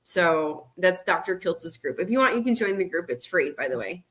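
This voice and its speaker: A woman's voice: lowish voice, expressive, moderate pace, a bit bright. A woman moderating and co-hosting a casual livestream, chatty and laughing often.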